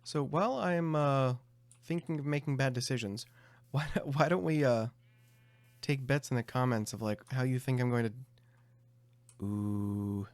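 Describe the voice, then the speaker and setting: A man's voice: medium pitch, a little slow, long pauses, clear, resonant tone, dry recording. A young adult man giving casual gameplay commentary, thinking aloud with self-mocking asides. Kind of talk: casual let's-play commentary.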